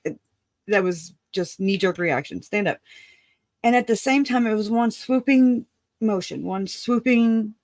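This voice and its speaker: Slow, halting woman telling a raw story. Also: medium pitch, darkish tone, dry recording, studio quality. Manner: halting, full of restarts and self-corrections; earnest and raw, swears casually. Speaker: grieving relative. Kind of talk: emotional personal account.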